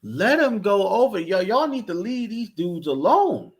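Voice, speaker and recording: Man, high voice, profane repetitive rant, casual talk. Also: big pitch swings, measured pace, slightly rough. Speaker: commentary vlogger.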